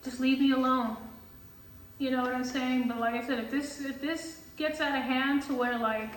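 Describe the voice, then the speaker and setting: A woman who reads tarot, telling a story in casual vlog chat, animated and full of filler words and swearing. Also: high-pitched, normal speed, echoey room, recorded from a distance, a little hiss or hum, poor audio. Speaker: tarot reader.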